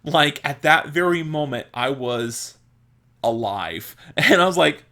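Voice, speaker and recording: A man's voice: a little high, animated, slow pace, sharp tone. A young man hosting a podcast, telling childhood stories in a rambling, casual way full of fillers. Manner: rambling, filler-heavy, laughs at own stories. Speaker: podcast host. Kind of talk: casual storytelling monologue.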